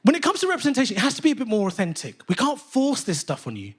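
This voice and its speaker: A British man doing stand-up on a theatre stage, animated, profane and mock-indignant. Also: extremely high pitch, racing, a little hiss or hum. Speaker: stand-up comedian. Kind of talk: stand-up comedy. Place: theatre stage with live audience.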